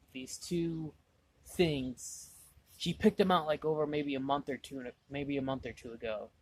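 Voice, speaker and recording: A man's voice: a little high, a little mellow. A man vlogging casually, rambling through a story with lots of "I was like" asides, exasperated and mocking himself.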